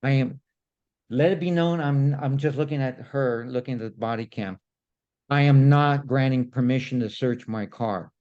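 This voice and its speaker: A man casually telling a story on a podcast, animated and indignant, often repeating himself. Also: medium pitch, normal speed, lo-fi sound. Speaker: podcast co-host.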